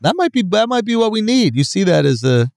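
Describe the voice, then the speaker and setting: A man's voice: high-pitched, brisk, gravelly, no echo, clean studio sound. A man co-hosting a podcast, arguing playfully in casual chat. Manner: animated, playful, doing voices. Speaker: podcast co-host.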